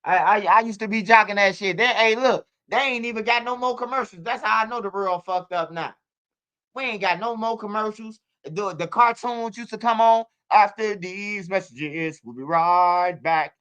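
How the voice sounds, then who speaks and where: A man in his forties chats loosely as a guest, spinning animated stories full of slang and swearing. His voice is bright and forceful with a smooth, crisp tone. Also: high-pitched, moderate pace. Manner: animated storytelling, street slang and profanity, frequent restarts. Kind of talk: casual interview chat.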